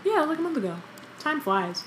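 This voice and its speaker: A young woman with a high, sing-song, slightly bright voice reads a novel fairly quickly as co-host of a relaxed book podcast. Chatty by nature, she interrupts herself with joking commentary and plenty of ums, over a little hiss or hum.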